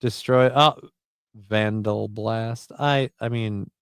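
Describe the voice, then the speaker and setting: A man's voice: lowish voice, fairly even intonation, slow pace, clean tone, dry recording. A man hosting a casual livestream, loose, profane and jokey, reading chat comments and card text aloud. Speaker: livestream host.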